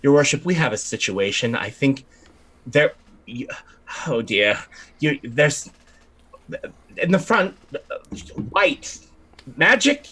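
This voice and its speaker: A man's voice: very animated, takes it slowly, long pauses, sharp tone, slightly rough, heavily acted. A man voicing a fretful, flustered male deacon servant who stammers and babbles. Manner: stammering, babbling, high and fluttery.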